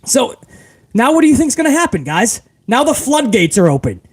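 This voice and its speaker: A man with a fairly high voice hosts a casual live stream, reading viewer comments aloud. He rants with heavy profanity and keeps calling his audience bro. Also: big pitch swings, moderate pace, slightly rough.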